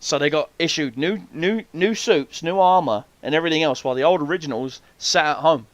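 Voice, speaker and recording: A man hosting a podcast, telling an animated story full of swearing and acted-out voices. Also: a little high, brisk, no room sound. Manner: swears freely, animated, acts out quoted voices. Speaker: podcast host. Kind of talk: casual storytelling chat.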